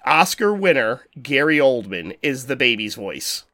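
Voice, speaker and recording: A man talking loosely on a podcast, rambling from one point to the next, with lots of swearing and quick laughs. His voice sits in a middle register and sounds dry and close to the mic. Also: mid-range voice, very animated, bright, forceful tone, no room sound. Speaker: podcast co-host. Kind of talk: casual chat.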